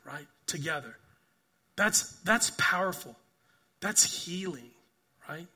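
An older pastor preaches in a somewhat high, animated, slightly rough voice, speaking slowly and pausing often. He tells stories earnestly, repeats phrases, and keeps asking "right?", surging into emphatic bursts before dropping soft and quiet.

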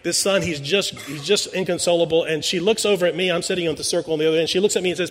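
A man's voice: fairly high pitch, fairly even intonation, rapid-fire, hardly any pauses. A pastor in his sixties giving a sermon, telling a personal story in a conversational way, often restarting his words. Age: 60s. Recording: long reverb in a large hall.

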